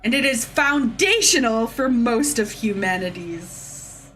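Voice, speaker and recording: A woman's voice: fairly high pitch, animated, slow pace, fairly bright tone, faint music behind. Heated, profane woman ranting on stream. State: drinking shots. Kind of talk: casual livestream rant.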